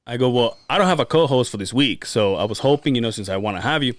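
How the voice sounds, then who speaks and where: Profane storytelling podcast host, lively. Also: male voice, medium pitch, quick pace, no room sound. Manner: profane, animated storytelling with acted-out quotes. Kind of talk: casual storytelling chat.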